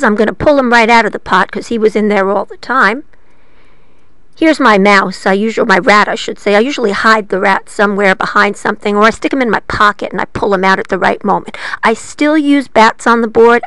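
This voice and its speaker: A woman librarian telling a story to children, playful and lively, asking her listeners questions as she goes. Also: medium pitch, dry recording.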